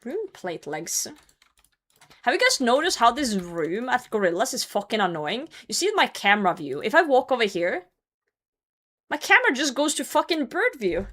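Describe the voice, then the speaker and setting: A woman's voice: on the high side, big pitch swings, moderate pace, fairly bright tone. A Norwegian woman streaming a game, chatting casually in English as a second language, swearing freely as she answers her chat. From Norway. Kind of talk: casual gaming livestream chat.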